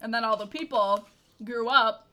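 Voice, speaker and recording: A woman's voice: a little high, fairly even intonation, moderate pace, bright, forceful tone. A young woman co-hosting a podcast in casual chat, talking in a playful, teasing way and filling her talk with "like". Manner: chatty, full of "like" fillers, playful teasing. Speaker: podcast co-host.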